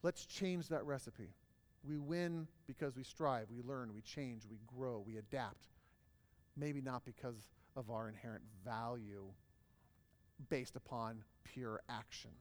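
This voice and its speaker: A man's voice: mid-range voice, a little slow. A man presenting a workshop to a live audience, telling stories casually with plenty of fillers. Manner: casual storytelling with many fillers. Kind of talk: live class talk to an audience. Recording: long hall reverb.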